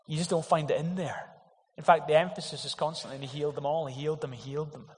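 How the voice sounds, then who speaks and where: A man delivers an earnest, emphatic sermon in a slightly high voice. His words ring out with a long reverb, as if in a large hall. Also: steady tone, fast talker. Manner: earnest, emphatic preaching with rhetorical questions. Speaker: pastor.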